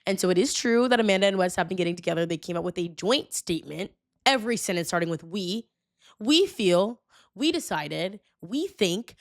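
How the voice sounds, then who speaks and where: A woman's voice: on the low side, dry recording, clean studio sound. A woman in her twenties hosting a casual solo podcast, chatty and dramatic, full of "like" fillers. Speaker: podcast host. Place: New York.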